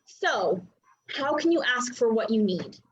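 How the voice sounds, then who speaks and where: A woman in her thirties coaching a live online class, chatty and animated, with many fillers. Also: fairly high pitch, unhurried. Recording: dull lo-fi sound.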